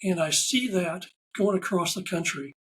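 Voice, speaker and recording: A man talking as a podcast guest. He tells stories in a casual, animated way and acts out the lines of the people in them. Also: high-pitched, moderate pace, low-quality recording. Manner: animated anecdotal storyteller, acts out quoted dialogue. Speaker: podcast guest, ride photographer. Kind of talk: casual interview storytelling.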